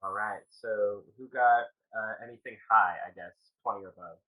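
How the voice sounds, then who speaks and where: A man's voice: on the low side, normal speed, sharp tone. A man narrating as game master for a tabletop game, hesitant with many ums and uhs. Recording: tinny call audio.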